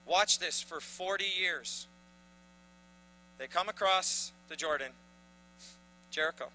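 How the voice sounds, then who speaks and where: A man preaching a sermon with a high, brilliantly bright voice. His delivery swells into emphatic bursts. A faint hum sits under the recording. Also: slow pace, poor audio. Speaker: pastor.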